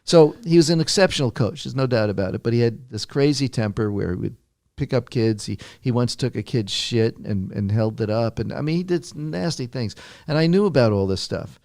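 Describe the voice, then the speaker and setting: Older man, guest author, gravelly voice, storytelling, restarts often, dry studio sound. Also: mid-range voice, fairly quick, few pauses, darkish tone, dry recording. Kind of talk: anecdotal storytelling in conversation.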